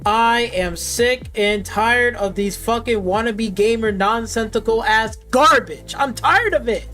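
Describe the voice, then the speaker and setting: A woman's voice: fairly high pitch, measured pace, few pauses, a bit bright, faint music behind. A woman streamer ranting with angry, sarcastic, profane commentary at her gaming PC. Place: at a desktop gaming PC.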